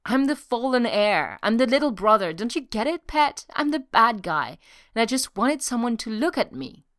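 For an audiobook, a woman voices a scheming female trickster god who pleads for attention, pitching her voice above her natural register. The delivery is fairly high, very animated, fairly bright and at normal speed, in a dry, studio-quality recording.

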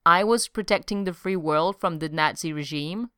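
A woman's voice: fairly low pitch, moderate pace, sharp tone, clear, resonant tone, dry recording, studio quality. A woman reading an earnest, firm upright man. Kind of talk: audiobook reading.

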